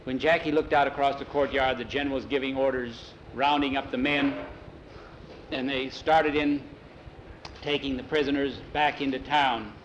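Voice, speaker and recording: A man telling a story from memory in a plain, unhurried way, tagging each line with "he says" and now and then restarting a phrase. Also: mid-range voice, fairly even intonation, a bit bright, highs cut off, a little hiss or hum. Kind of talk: oral storytelling, told from memory.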